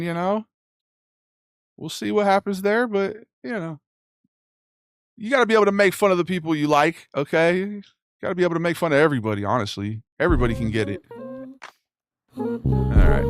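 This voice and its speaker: A man's voice: a little high, dry recording. Laid-back slangy young male streamer. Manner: laid-back and slangy, calls everyone bro or dog. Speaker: live streamer. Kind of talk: casual chat with live viewers. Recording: music playing loudly underneath. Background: game music playing under the voice.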